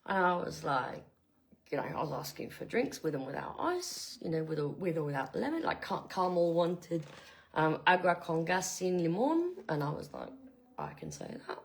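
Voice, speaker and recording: An Australian woman chatting playfully, often breaking into laughter. Her pitch swings widely as she talks. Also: very animated, normal speed. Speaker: co-host. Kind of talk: casual chat.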